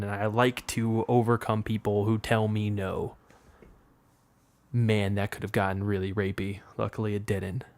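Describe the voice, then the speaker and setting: Young man rambling frankly, low and dry. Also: creaky, no echo. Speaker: podcast host. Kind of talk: solo podcast rambling and improvised poetry. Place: room with a window open.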